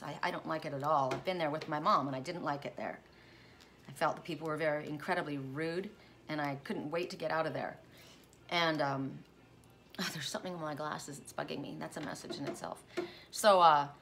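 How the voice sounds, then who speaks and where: Woman with a deep voice, bright and forceful, rambling casual storytelling, faint hiss behind. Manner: rambling, self-interrupting. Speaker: tarot reader.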